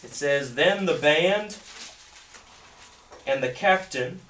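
A male pastor preaching a sermon and reading scripture aloud, often halting and repeating words. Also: a little high, lively intonation, fairly bright tone, a little hiss or hum. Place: church sanctuary. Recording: echoey church from a distance.

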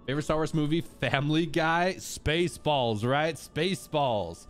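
A man's voice: fairly high pitch, measured pace, soft background music. A man hosting a live gameplay stream, chatting upbeat with his viewers and greeting them casually.

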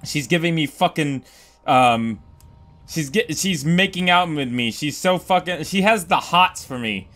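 A man doing excitable, profane game commentary, yelling and joking at the enemies on screen. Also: on the high side, a little slow. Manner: profane, jokey. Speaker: let's play gamer.

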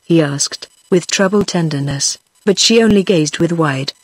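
A synthetic woman's voice with a British English accent, narrating an audiobook in an even, flat delivery. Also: lowish voice, measured pace, husky, no echo. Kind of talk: text-to-speech book reading.

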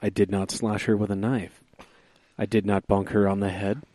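A man's voice: fairly low pitch, level tone, normal speed, mellow, dry recording. A man, a podcast co-host, reading a comic rhyming poem aloud in a mock radio announcer delivery.

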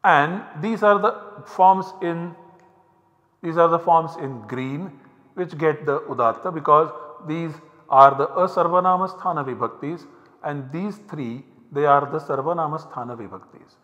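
A man with an Indian English accent giving a recorded university lecture, explaining step by step with measured pauses. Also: on the high side, a bit bright. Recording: dull, hall-like lecture recording.

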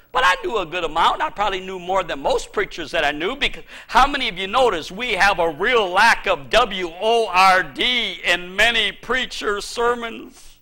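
A middle-aged male pastor preaching a sermon in church, emphatic, with sudden shouted bursts. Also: high-pitched.

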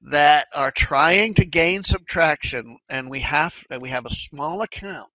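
Man, fairly high bright voice, conversational trading educator, animated, dry close sound. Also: a little slow, no echo, rough recording. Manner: conversational, animated, acts out inner thoughts. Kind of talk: casual explanatory talk.

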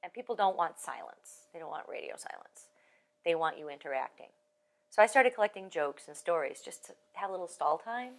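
A woman musician in an oral history interview, talking in a lively, joking way in an archive room. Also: on the low side, fairly quick, vocal fry. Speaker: Irish musician.

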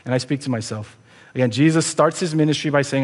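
A man preaches from a church stage, earnest and conversational as he presses his congregation with rhetorical questions. His voice sits in an ordinary middle pitch. The sanctuary adds a long, ringing reverb. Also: fast talker. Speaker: pastor. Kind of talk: sermon.

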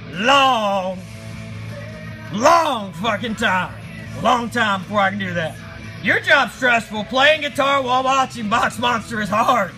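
A man hosting a live stream, reading chat and ranting loudly with crude jokes and roars. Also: very high voice, low-quality recording. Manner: loud shouting, crude and jokey, often roaring. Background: faint music playing.

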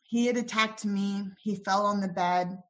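A young woman tells her own story in a podcast interview. Her voice sits at a middle pitch, soft and halting, full of pauses and ums as she quotes what people said to her. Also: steady tone. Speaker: interview guest.

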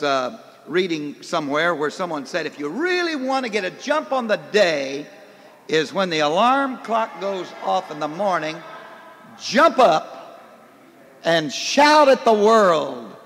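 An older man preaching a folksy, animated sermon, recorded in a church hall in the early 1990s. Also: high-pitched.

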